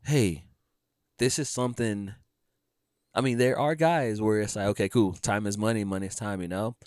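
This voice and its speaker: A man talking casually on a podcast about his photography work, telling animated stories and acting out dialogue. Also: fairly low pitch, moderate pace, no room sound, clean studio sound. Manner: animated storyteller, acts out dialogue, says dude and bro.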